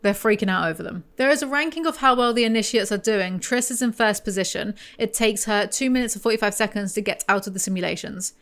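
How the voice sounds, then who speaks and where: A woman's voice: mid-range voice, fast talker, hardly any pauses, a bit bright. A woman hosting a book commentary video, reading passages aloud with sarcastic asides and the odd stumble.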